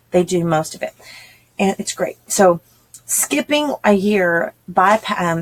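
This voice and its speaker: A woman, talking casually and chattily to homeschooling parents, acting out quoted voices as she explains. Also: lowish voice. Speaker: homeschool channel host.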